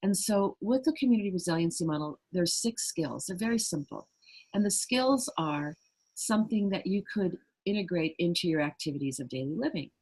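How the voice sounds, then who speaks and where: Low, husky woman explaining calmly. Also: brisk, low-quality recording. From United States. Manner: earnest, acts out little quoted voices. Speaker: guest, trauma resilience trainer. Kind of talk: conversational interview explanation.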